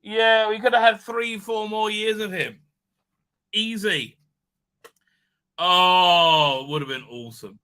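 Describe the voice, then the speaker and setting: A man with a croaky voice from being sick, hosting a rambling casual livestream. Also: high voice, takes it slowly, pauses often, sharp tone. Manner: rambling, many restarts and fillers. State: hoarse from illness. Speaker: livestream host.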